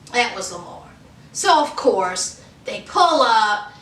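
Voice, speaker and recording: A woman's voice: mid-range voice, big pitch swings, slow pace, fairly bright tone. A woman giving a sassy, direct reality TV recap, talking straight to her viewers and scolding the people on the show. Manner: sassy and direct, scolding with "honey", "y'all", "okay?". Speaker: reality TV reviewer. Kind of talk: casual recap vlog. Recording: echoey room, far from mic.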